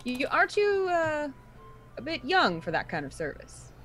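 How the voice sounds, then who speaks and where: A woman voicing a brooding, scheming young man who speaks in a measured, insinuating way. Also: sits high, wildly swooping pitch, fairly bright tone, soft background music, voice pushed up, heavily acted.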